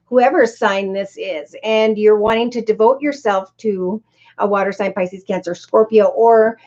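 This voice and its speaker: A woman's voice: medium pitch, fairly even intonation, a little slow, a little mellow, lo-fi sound. A middle-aged woman hosting a casual live-stream tarot reading. She chats, greets viewers by name and rambles from point to point.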